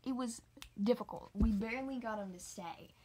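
A teenage girl telling a rambling storytime for her channel, chatty with many fillers and soft whispered asides. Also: a little high, normal speed, husky. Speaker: vlogger. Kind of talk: casual storytime.

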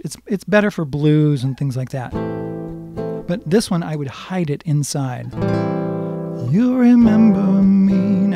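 A man teaching a live-streamed guitar lesson, explaining music theory patiently and singing bits of the melody. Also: on the high side. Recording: guitar playing behind voice.

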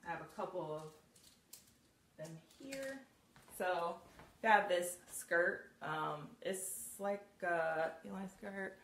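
A woman's voice: on the low side, slow, fairly bright tone. A woman coaching viewers on putting outfits together in a casual live video, chatty and full of laughs and ums. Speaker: style coach. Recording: roomy, distant, faint hiss.

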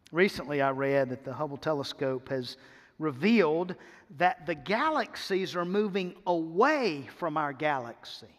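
A man's voice: high-pitched, fairly bright tone, long reverb tail. A man preaching a sermon as pastor, emphatic, repeating words as he builds to a point. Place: church sanctuary.

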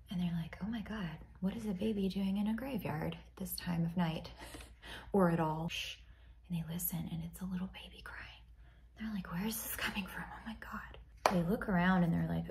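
Woman, gravelly voice, lowish pitch, chatty ghost-story telling, slips into whispers, faint background noise. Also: a little mellow. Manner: chatty, often drops to a whisper. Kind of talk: casual storytelling while doing makeup.

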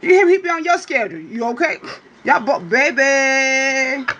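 A high-voiced woman hosts a casual livestream, reading for her viewers and chatting with them in a playful, teasing way while repeatedly asking "you hear me?" She drawls and swoops up into high exclamations, with lively intonation, a moderate pace, and a slightly bright tone.

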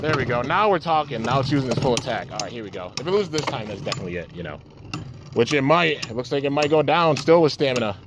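Excitable man calling toy battles outdoors. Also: background noise. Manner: excitable, says man and dude a lot, pitch jumps at big moments. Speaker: toy battle channel host. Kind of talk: casual play-by-play commentary. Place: outdoors, flies around.

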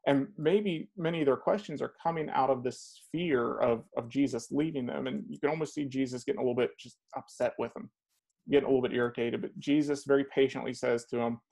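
A man delivers a conversational sermon in a gravelly voice with a fair amount of fry at a middle pitch. He talks informally, thinking aloud, often stopping and repeating words before finishing a thought. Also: steady tone, a little fast, a little mellow. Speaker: preacher.

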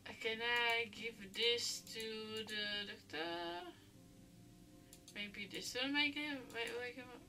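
A woman's voice: fairly high pitch, takes it slowly, creaky, bright, forceful tone, recorded from a distance, soft background music. Chatty young woman playing a game. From Czech Republic. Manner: chatty, hesitant thinking aloud. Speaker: let's play host. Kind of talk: casual game commentary.

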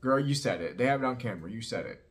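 A man's voice: mid-range voice, rapid-fire. A man recapping a reality show in a casual, opinionated, sassy way, peppering his talk with "like" and "girl". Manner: sassy, animated, heavy use of "like" and "girl".

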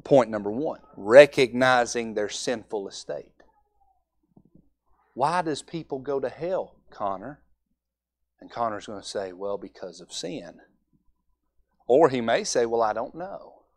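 A man's voice: medium pitch, expressive, unhurried. A young man preaching a Sunday evening sermon in a folksy way, acting out altar conversations.

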